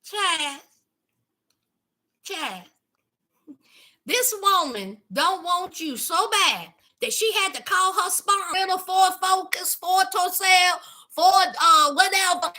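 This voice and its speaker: Play her as a sassy woman recapping a show, with a very high, sharply bright voice that swoops up and down. Keep her unhurried, dramatic and gossipy, leaning on every aside to her listeners. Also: animated. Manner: sassy, dramatic, calls listeners honey and child. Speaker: YouTube reality-TV recapper. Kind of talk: casual commentary recap.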